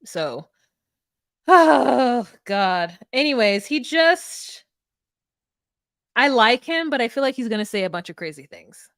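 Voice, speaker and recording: A woman's voice: on the high side, very animated, slow, long pauses, fairly bright tone, no room sound, clean studio sound. A woman co-hosting a podcast in casual chat, laughing often and rambling through her thoughts with many restarts. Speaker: podcast co-host. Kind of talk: casual chat recapping a reality show.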